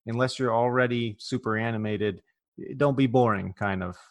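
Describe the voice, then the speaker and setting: A man from rural California hosting a casual podcast interview, joking and laughing easily with his guest. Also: medium pitch. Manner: jokey, quick to laugh. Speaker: podcast host.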